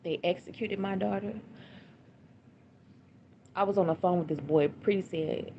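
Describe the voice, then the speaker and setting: A woman's voice: fairly low pitch, a little slow, pauses often, dark tone. A woman in her forties, telling her own painful story on a livestream in a blunt, repetitive, emotional way. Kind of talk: livestream personal account. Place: home livestream. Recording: dull lo-fi stream audio with noise.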